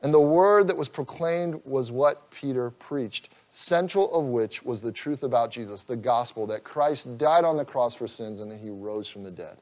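A man's voice: medium pitch, expressive, normal speed, hardly any pauses. Earnest male pastor preaching. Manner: earnest preaching, swells loud on scripture, drops soft, chuckles. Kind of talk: expository sermon.

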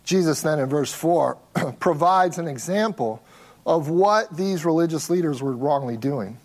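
Delivering an expository sermon, this pastor has a notably high yet darkish-toned voice. Key words get heavy stress as he slows to drive them home.

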